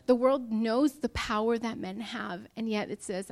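A young woman gives a sermon to her church congregation, earnest and openly emotional. Her voice sits a little high for a woman, and she speaks straight to the room. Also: a little slow, hardly any pauses, a little mellow.

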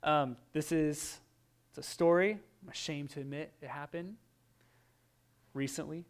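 A man delivering a sermon, his voice smooth and resonant and pitched a touch high. He tells stories with animated energy, swinging from hushed asides to loud bursts as he acts out his own reactions. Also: unhurried. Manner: animated storytelling, acting out his own voice in quotes. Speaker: pastor.

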